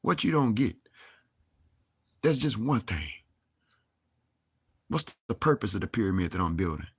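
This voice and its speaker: Speaking at a medium pitch with a breathy edge, this young vlogger delivers a furious monologue straight to camera. He swears a lot and keeps asking rhetorical questions, and there's no echo on the recording.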